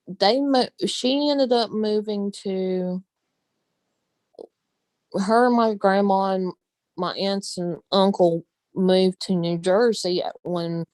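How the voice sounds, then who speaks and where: A woman's voice: medium pitch, takes it slowly, pauses often, darkish tone, dry recording. A woman from the Southern United States with a Southern accent, chatting casually on her vlog, laughing often and using folksy phrases. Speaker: vlogger. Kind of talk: casual chat.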